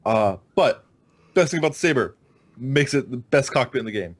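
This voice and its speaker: A man's voice: medium pitch, brisk. A man on a casual gaming podcast, bluntly stating his likes and dislikes. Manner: blunt, flatly states his opinions. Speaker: podcast guest.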